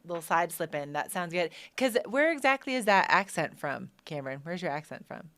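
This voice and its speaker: A woman hosting a live show, upbeat and quick to laugh as she hands off to reporters. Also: on the low side, big pitch swings, a bit bright. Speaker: show host.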